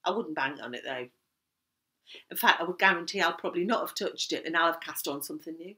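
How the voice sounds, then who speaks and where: Chatty Geordie woman with a bright voice. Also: fairly low pitch, fast talker. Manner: chatty, rambling, laughs easily. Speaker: knitting vlogger. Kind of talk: casual chat to camera.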